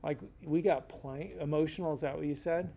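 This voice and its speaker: A man's voice: on the high side, fairly even intonation, fairly quick, gravelly, warm tone. A middle-aged man teaching a casual lecture in a rambling, joking way, full of slangy asides. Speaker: instructor.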